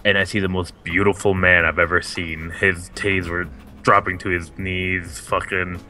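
A man doing a deep, gruff, crude girlfriend. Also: normal speed, soft background music. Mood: deadpan crude. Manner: deadpan, crude, slips into a country twang. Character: crude foul-mouthed girlfriend played by a man. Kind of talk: improvised comedy skit.

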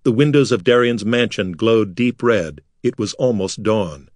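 A man reads fantasy fiction aloud in a measured, dramatic manner. His voice sits on the low side and sounds dry and close. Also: darkish tone, no echo. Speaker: audiobook narrator. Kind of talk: scripted narration.

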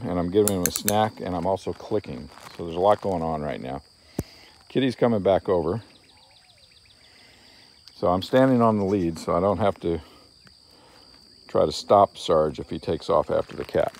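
Calm male dog trainer, low voice with a rough edge, talks through the lesson and coaxes the dog. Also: normal speed, a little hiss or hum. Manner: calm explaining, breaking into coaxing calls to the dog. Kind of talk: explaining a training session on camera.

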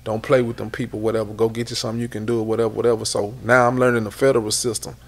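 A man's voice: on the low side, flat delivery, rapid-fire. A middle-aged man with a Houston accent, a rapper telling long rambling stories in a casual interview, repeating words and swearing often. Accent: Houston Southern. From Houston, Texas.

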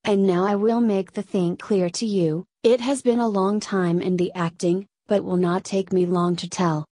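A dying older man, once a reckless bushranger, confesses in a weary, grave way, read by a woman. The storybook sound is dry and close. The pitch sits in a middle range. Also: fairly even intonation, moderate pace, mellow, dry recording, lightly acted. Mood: confessing. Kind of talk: audiobook reading.

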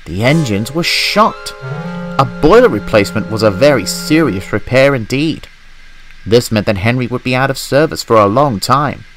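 A man reading a children's storybook narration in a gentle, expressive manner. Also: medium pitch, moderate pace, faint music behind, poor audio.

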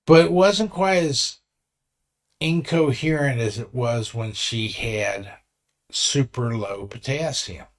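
Slow-talking man in his sixties. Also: medium pitch. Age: 60s. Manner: earnest, rambling storytelling with restarts. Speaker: vlogger. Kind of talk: casual vlog talk.

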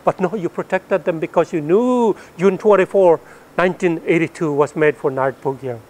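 A middle-aged man from the northern Philippines, telling his story as a missionary pilot in an animated testimony to an audience, growing loud and then falling soft at the ends of lines. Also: a little high, normal speed. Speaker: missionary pilot and Bible translator.

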